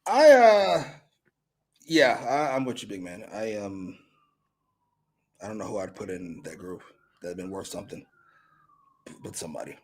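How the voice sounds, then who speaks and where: A man's voice: sits low, moderate pace, pauses often, a bit bright, a little hiss or hum. A man co-hosting a casual wrestling review chat with blunt, profane, wry banter. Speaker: co-host of wrestling review show.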